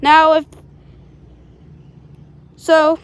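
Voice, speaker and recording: A woman's voice: high voice, monotone, extremely slow. A woman reading as a proud grumbling engine. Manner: boastful, grumbling. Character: big proud grumbling male steam engine.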